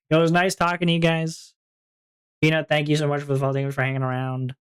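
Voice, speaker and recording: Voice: mid-range voice, level tone, fast, clean tone. Giggly, rambling streamer. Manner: rambling, giggly, lots of fillers. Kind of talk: casual stream chat.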